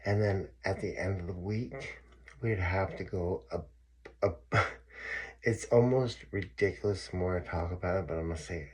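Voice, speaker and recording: A man's voice: low-pitched, moderate pace, husky. A man telling his own story in a casual, profane and emphatic monologue, often repeating himself.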